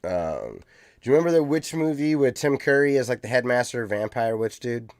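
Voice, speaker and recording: A man's voice: mid-range voice, big pitch swings, brisk, dry recording, clean studio sound. A man co-hosting a podcast in casual chat, easygoing, reading out listener comments. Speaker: podcast co-host.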